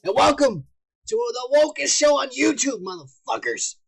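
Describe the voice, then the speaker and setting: Male podcast host, high and raspy, loud profane storyteller. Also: animated, normal speed, faint music behind. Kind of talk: profane casual banter.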